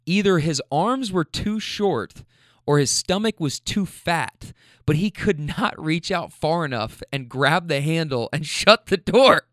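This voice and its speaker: Animated man telling a funny story. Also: a little high, unhurried, no room sound, studio quality. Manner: animated, laughing, mimics people. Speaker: storyteller recounting a rideshare trip. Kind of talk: casual spoken anecdote.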